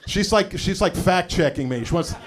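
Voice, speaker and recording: A middle-aged man doing a live stand-up set, telling stories in a loose conversational way with deadpan punchlines and lots of "you know" asides. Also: high voice, normal speed, a faint crowd. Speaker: stand-up comedian.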